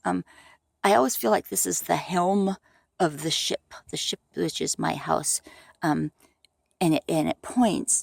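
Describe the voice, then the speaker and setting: Woman, middle-aged, very gravelly voice, dry close sound, rambling unscripted vlog talk. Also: on the low side, measured pace, no room sound. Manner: rambling, animated, many restarts. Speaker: vlogger. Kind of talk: unscripted casual monologue. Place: outdoors on a home deck.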